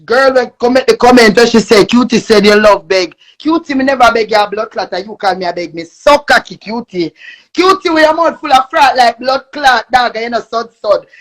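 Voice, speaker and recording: A young Jamaican woman with a high voice. She rants on a live stream, cursing and repeating herself, and often breaks into shouting. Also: moderate pace. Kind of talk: angry live-stream rant.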